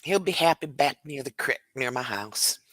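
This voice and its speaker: A player in a tabletop role-playing game, chatting in an animated, rambling way. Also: mid-range voice, normal speed, no room sound. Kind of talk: casual chat during a tabletop game.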